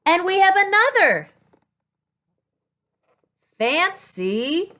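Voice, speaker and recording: A woman speech-language pathologist teaching young children a speech sound with toys, talking slowly and stretching her sounds. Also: very high voice, sing-song, pushed and bright.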